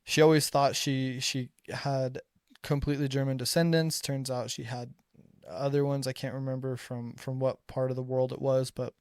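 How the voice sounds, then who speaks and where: Young adult man, mid-pitched, dry close sound; chatty storyteller who acts out dialogue. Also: level tone, normal speed, a little mellow, clean tone, no echo. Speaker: returned missionary storyteller. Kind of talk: casual personal storytelling.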